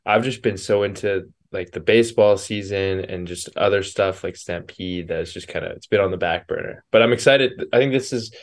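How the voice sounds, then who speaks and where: A man co-hosting a podcast, talking in an animated, emphatic way. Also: low voice, a little fast, few pauses. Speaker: podcast co-host. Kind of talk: casual chat.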